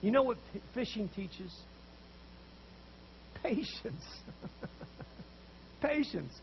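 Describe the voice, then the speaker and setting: Male pastor, high voice with gravel, animated storyteller, faint hiss on a muffled recording. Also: drawn-out words. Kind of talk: sermon.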